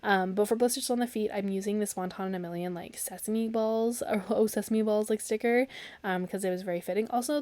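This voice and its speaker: A woman's voice: medium pitch, darkish tone. A young woman chatting casually through her planner spreads, bubbly and rambling with lots of fillers and laughs. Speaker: planner vlogger.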